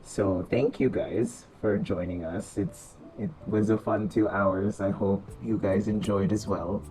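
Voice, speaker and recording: A man's voice: lowish voice, fairly even intonation, measured pace, noisy background. A man hosting a casual podcast chat, loose and laughing, swearing freely. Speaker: podcast host. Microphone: online voice chat.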